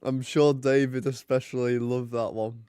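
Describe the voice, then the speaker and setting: A man's voice: medium pitch, little pitch movement, normal speed, warm tone, smooth, dry recording, studio quality. A young man chatting and joking casually while hosting a live hockey watch party. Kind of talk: casual live commentary and chat.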